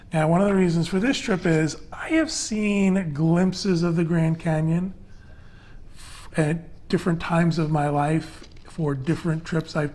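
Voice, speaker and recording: A male podcast host with a somewhat high voice chats loosely through a panel discussion. He peppers his talk with fillers and lays out details step by step. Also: darkish tone. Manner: chatty, loose and conversational with many fillers. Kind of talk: casual panel chat.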